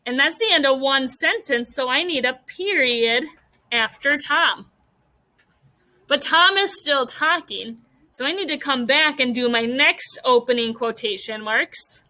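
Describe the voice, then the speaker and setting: Bright high-voiced woman teacher. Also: expressive, unhurried, rough recording. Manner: patient, guiding questions to students. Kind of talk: classroom mini lesson.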